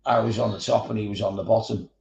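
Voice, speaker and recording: Scouse man, gravelly, sweary casual storyteller, roomy echo. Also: on the low side, level tone, fast, a little mellow, dull audio. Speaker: miniature painting streamer. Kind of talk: casual chat.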